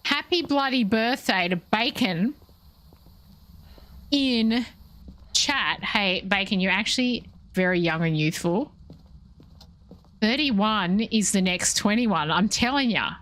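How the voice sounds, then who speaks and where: A woman's voice: mid-range voice, animated, slow, long pauses, fairly bright tone. Playful Australian woman streaming a game. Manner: chatty and playful, chatting with viewers. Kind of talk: casual gameplay commentary.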